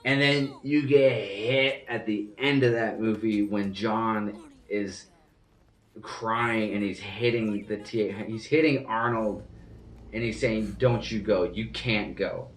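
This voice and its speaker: A man's voice: on the low side, fairly even intonation, slow, reverberant, recorded from a distance. A man giving an earnest, rambling, casual reaction to a film as a movie reviewer.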